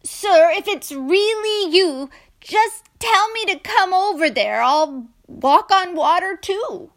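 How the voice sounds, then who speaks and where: A woman voicing the fisherman Peter in a storybook, calling out loud and eager. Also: very high-pitched, lively intonation, takes it slowly, pitched above the performer's own voice, heavily acted. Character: bold fisherman Peter, adult man.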